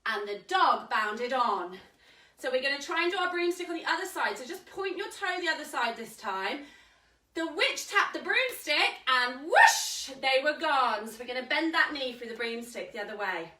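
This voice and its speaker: High, lively woman leading kids yoga. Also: moderate pace. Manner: cheerful, encouraging instructions. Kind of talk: live kids yoga class with story reading. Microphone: live stream camera mic at a distance. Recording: echoey room, mic at a distance.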